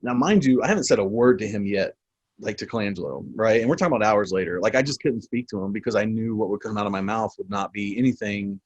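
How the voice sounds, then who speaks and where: A man in his forties, a military veteran guest, telling war stories in a casual, profane, animated way with frequent laughs. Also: fairly low pitch, quick pace, husky, dry recording, muffled recording. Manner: profane, animated storyteller who laughs often. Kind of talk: casual storytelling interview.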